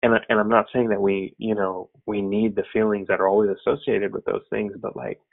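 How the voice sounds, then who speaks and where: A fairly low, husky man with a gravelly edge speaks in an earnest, reflective way. He shares a personal faith story loosely, with plenty of fillers. The sound is thin and tinny, as if over a phone line. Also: level tone, a little fast.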